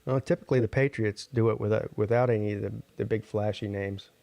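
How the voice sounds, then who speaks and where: A man's voice: on the low side, steady tone, quick pace, vocal fry, mellow, no room sound. Tired laid-back man in his forties. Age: 40s. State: exhausted, yawning. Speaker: co-host of a live stream. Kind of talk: casual chat.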